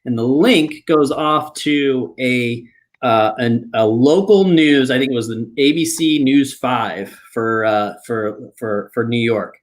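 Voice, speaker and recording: A man's voice: mid-range voice, slow. Rambling male podcast host telling a story. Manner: rambling, full of fillers and restarts. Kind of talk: casual storytelling. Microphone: podcast microphone, live online.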